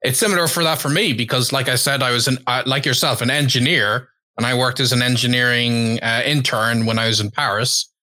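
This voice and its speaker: A man hosting a casual interview who asks curious questions and fills his pauses with uhs and ums. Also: mid-range voice, steady tone, bright, forceful tone, no room sound. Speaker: host.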